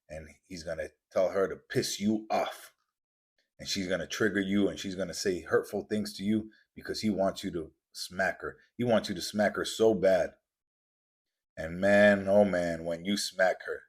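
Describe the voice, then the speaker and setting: A man's voice: sits low, breathy edge. A man hosting a podcast, delivering an intense, preachy motivational monologue with lots of repetition. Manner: intense, preachy, repetitive, acts out quoted voices. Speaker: podcast host.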